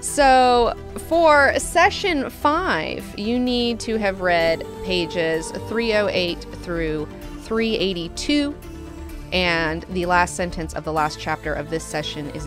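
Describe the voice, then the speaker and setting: A woman hosting a book club, recapping chapters in a chatty, animated, profane way. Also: lowish voice, slow pace, music in the background.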